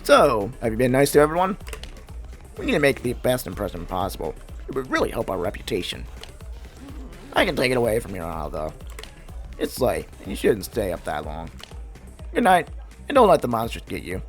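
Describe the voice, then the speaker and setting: A man's voice: mid-range voice, wildly swooping pitch, brisk, long pauses, faint music behind. A man reading the lines of a cheerful male party organizer who gives upbeat orders. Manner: upbeat, bossy reading of game dialogue.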